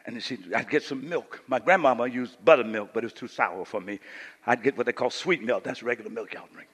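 A man from Louisiana, preaching a sermon as pastor and swinging between quiet asides and shouted lines. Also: mid-range voice, brisk, husky. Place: church sanctuary. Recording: live church hall reverb.

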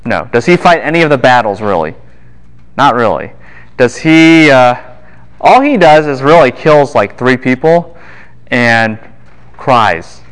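A man giving a Bible lecture to a class, animated and quick to fire questions at his students. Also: mid-range voice, clear, resonant tone.

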